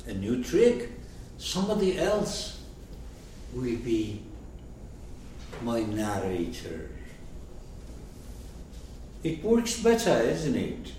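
A man explaining a story in a slow, very lively lecture voice, often checking in with his listeners. He is recorded from a distance in a strongly echoing room, with faint background noise. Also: mid-range voice. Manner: rhetorical questions, checking in with listeners. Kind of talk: lecture commentary. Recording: echoey room, mic far off.

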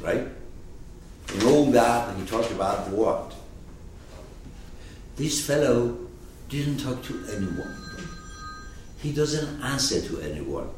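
A man's voice: mid-range voice, darkish tone. A man teaching a text in an informal lecture, explaining emphatically and acting out quoted lines, recorded from a distance. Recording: echoey room, mic far off, faint noise.

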